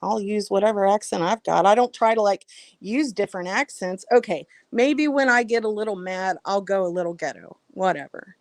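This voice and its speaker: A woman's voice: medium pitch, expressive, fairly quick, a little mellow, dry recording. Blunt, outspoken woman hosting a chat. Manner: blunt, outspoken, swears freely. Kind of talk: casual chat.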